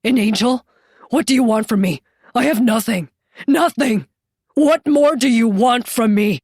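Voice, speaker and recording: A woman's voice: a little high, a little slow, a little mellow, slightly rough, no room sound, clean studio sound. A woman voicing a terrified crucified man who pleads and hisses in urgent whispers for a storybook reading. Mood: anguished.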